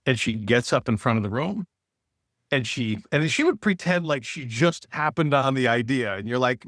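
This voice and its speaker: A man talking as a podcast guest, telling a lively story and acting out the people in it. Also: a little high, fairly quick, no room sound, clean studio sound. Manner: animated storyteller, acts out quoted voices. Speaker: podcast guest, author and speaker. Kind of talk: casual storytelling conversation.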